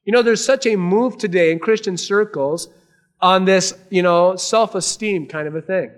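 Speaking at normal speed in a high-pitched voice, a male pastor delivers an earnest sermon to a congregation. His delivery alternates between emphatic, raised passages and softly hushed ones.

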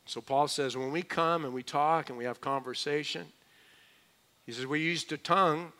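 Male pastor, middle-aged, fairly high and bright voice, chatty joking sermon delivery. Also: steady tone, moderate pace. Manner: conversational, joking asides with mimicked voices. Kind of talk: expository sermon.

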